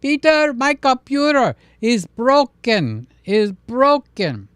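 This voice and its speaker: A loud, high old priest with a heavy Greek accent stretches his words and frets over small troubles. A man acts him out in a live stream, his voice lifted well above his own. The sound is dry and close. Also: huge pitch swings, slow, clean tone, dry recording, heavily acted. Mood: complaining. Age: older. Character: elderly male Greek priest, fussy and warm.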